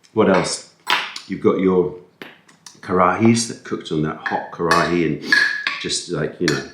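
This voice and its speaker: Rambling man with a very low voice. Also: roomy sound, background noise. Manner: rambling, self-deprecating, talks with food in mouth. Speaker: food vlogger. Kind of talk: casual chat while eating. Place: indoors at a table, eating. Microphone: camera-mounted mic.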